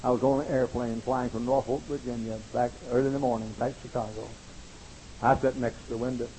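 A preacher addresses college students in a mid-range, mellow voice, his delivery flat and fairly quick. He stresses points by repeating them and wanders into wry, rambling stories that poke fun at himself, on a low-quality recording with slight background noise.

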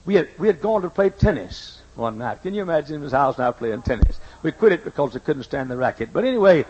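A man's voice: fairly high pitch, big pitch swings, quick pace, darkish tone, highs cut off, slight background noise. An older man preaching a sermon, telling stories emphatically and repeating his key lines, with folksy asides. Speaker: pastor. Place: church sanctuary.

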